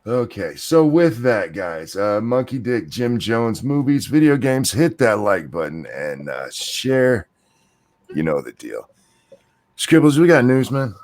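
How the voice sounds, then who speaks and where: A man's voice: mid-range voice, big pitch swings, measured pace, darkish tone. An older man hosting a casual live-stream chat, sick with a chest cold and struggling to talk. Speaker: podcast host.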